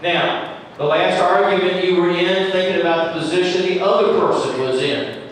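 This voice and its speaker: A man's voice: high voice, normal speed, slight background noise. A man leading a church training session, talking conversationally and acting out quoted lines as examples. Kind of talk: training talk to volunteers. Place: church room. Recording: echoey room from far off.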